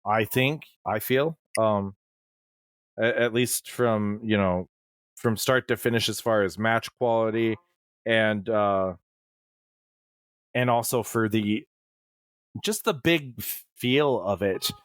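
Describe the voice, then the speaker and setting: A man's voice: fairly low pitch, slow, pauses often, no echo, clean studio sound. A male podcast co-host chatting casually and a bit hesitantly.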